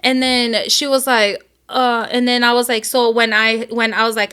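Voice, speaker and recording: A woman's voice: fairly high pitch, flat delivery, moderate pace, fairly bright tone, smooth. A young adult woman, co-host of a podcast, telling a story in casual chat with lots of quoting and swearing.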